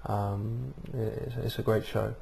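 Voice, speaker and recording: Male vlog host, low and steady monotone, rambling, casual, webcam-miked. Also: measured pace, gravelly. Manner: rambling, many ums and uhs. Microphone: webcam microphone.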